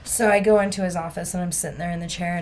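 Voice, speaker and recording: A woman guest on a podcast, telling a personal story in an animated way and acting out the people in it. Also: lowish voice, racing, a little hiss or hum. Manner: animated, breaks into laughter, acts out the people in her story.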